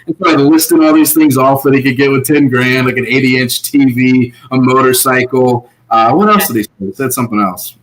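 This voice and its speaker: A man's voice: medium pitch, fairly quick, rough recording. A man co-hosting a casual online show, talking animatedly and laughing often. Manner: animated, laughs often, voices quoted contestants. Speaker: podcast co-host. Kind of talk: casual recap chat.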